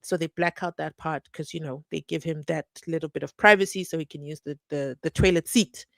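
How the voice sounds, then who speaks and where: A woman hosting a true crime channel, chatting casually and reading out viewer comments, animated and teasing, laughing often. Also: deep voice, a little fast, gravelly, dry recording. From South Africa.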